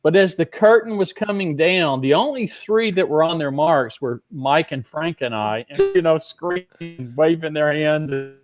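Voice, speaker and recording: High-voiced man telling a lively anecdote. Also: moderate pace, few pauses, soft background music. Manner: animated storyteller acting out other people's lines. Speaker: guest magician.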